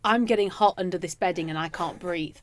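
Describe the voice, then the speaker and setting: A British woman radio host telling a story in casual studio chat, animated and laughing often. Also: fairly low pitch, fairly quick.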